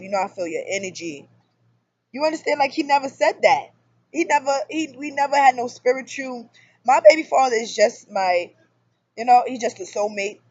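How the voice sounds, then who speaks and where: A woman in her thirties talking casually to camera about her relationship, in an animated storytelling manner that jumps up loud for emphasis. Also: medium pitch, breathy edge, dry recording, highs cut off. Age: 30s. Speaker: spiritual vlogger. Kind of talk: casual personal monologue.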